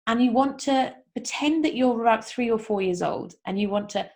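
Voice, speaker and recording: A woman's voice: fairly high pitch, normal speed, darkish tone. A woman hosting a self-help podcast, talking casually and encouragingly to her listeners, upbeat and chatty, with asides. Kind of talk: casual motivational talk to listeners.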